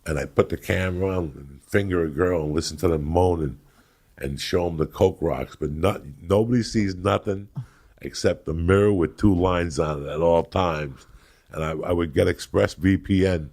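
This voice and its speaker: A middle-aged man from New Jersey, a comedian host telling loud, crude, rambling stories in casual chat. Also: low voice, normal speed. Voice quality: gravelly. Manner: loud, rambling and crude, breaking into acted quotes. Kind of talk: profane storytelling chat.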